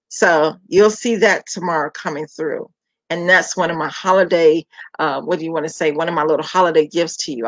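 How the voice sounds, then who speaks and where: A woman's voice: lowish voice, no echo, low-quality recording. A woman hosting her home cooking channel, chatting casually and folksily with viewers and calling them honey and child.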